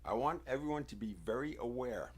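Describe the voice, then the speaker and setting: A man from the United States speaks straight to his livestream audience in an insistent, lecturing monologue. He leans on his words with deliberate emphasis and a confrontational edge, his voice sitting at an ordinary mid pitch. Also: breathy edge. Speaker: livestream host.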